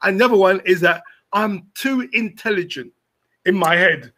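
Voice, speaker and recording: A man, a comedian and broadcaster chatting as a podcast guest, joking and animated, with shouts when he tells a story. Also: high-pitched, moderate pace. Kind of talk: casual podcast chat.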